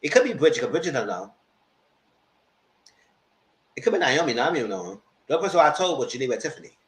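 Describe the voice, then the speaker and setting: A man hosting a casual live TV recap, animated, jumping into loud high-pitched quotes of the characters. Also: fast talker. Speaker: TV review host. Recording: roomy echo.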